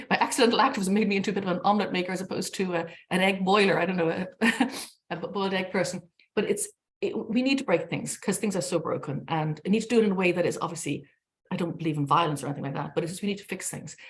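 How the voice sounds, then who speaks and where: A middle-aged Irish woman speaking on a panel, telling her story candidly and passionately, with lots of ums and restarts. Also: lowish voice. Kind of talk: unscripted panel talk.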